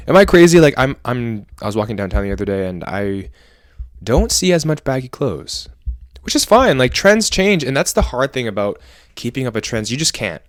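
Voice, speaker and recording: A man's voice: on the low side, no echo, studio quality. A man vlogging casually about fashion, chatty and opinionated, rambling with self-corrections. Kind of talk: casual talking-head vlog.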